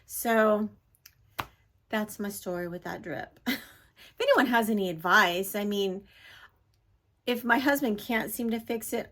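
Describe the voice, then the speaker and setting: A woman's voice: mid-range voice, a bit bright. A middle-aged woman vlogging casually into a handheld phone, rambling and apologizing as she vents about an irritating episode. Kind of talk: casual vlog chat. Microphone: handheld phone at arm's length.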